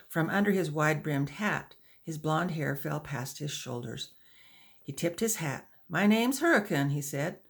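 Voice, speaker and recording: A woman author reading a chapter of her own novel aloud in a gentle, measured storytelling manner. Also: deep voice, creaky, husky.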